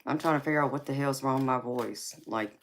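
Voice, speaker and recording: A woman hosting a tarot live stream with a raspy voice. She answers viewers in a casual, forthright way and calls them baby and honey. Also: rumbling low, brisk. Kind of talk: casual live-stream chat reading comments. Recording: clear background noise.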